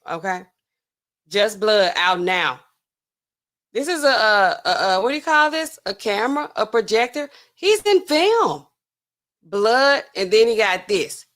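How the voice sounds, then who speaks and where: A woman's voice: a little high, a bit bright. A woman hosting a casual livestream as a pharmacist, chatting with her viewers in a sassy, incredulous way. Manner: chatty, sassy, talks to chat, laughs incredulously.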